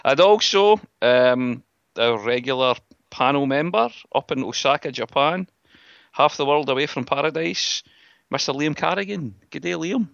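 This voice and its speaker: A man's voice: medium pitch, lively intonation, normal speed, vocal fry, a bit bright, no room sound, highs cut off. A Scottish man hosting a podcast, chatting casually and joking with his co-hosts. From Scotland. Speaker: podcast host. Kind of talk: casual chat.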